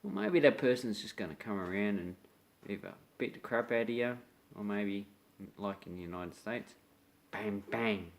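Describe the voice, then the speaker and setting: Australian man, slang teacher, casual chat, lively swinging pitch. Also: normal speed, creaky. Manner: chatty, uses local slang, acts out little scenes. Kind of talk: casual lesson to camera.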